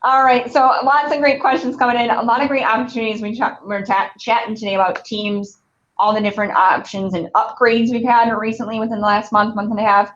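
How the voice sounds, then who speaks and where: A woman's voice: on the high side, flat delivery, brisk, a bit bright, highs cut off. A woman with a Midwestern accent, a recruiter answering viewer questions in a live Q&A, upbeat and chatty with lots of fillers. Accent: Midwestern American. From Wisconsin. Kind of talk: live Q&A stream.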